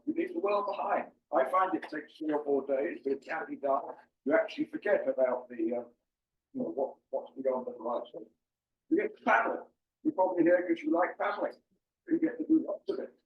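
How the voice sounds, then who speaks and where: An older man talks through his slides in a loose, joking way, filling pauses with ums. His voice sits a little high and comes from some distance off. The room echoes, and the sound is muffled. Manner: jokey, chatty, with many ums. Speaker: presenter. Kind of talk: informal slide presentation. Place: meeting room with an audience. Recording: far-off mic, roomy and muffled.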